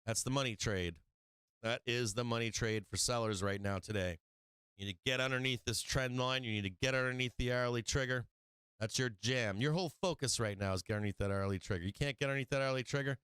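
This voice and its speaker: A man hosting a live stock market stream, walking through charts in a brash, excitable way with casual swearing. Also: medium pitch, quick pace, smooth, dry recording. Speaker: stock market show host.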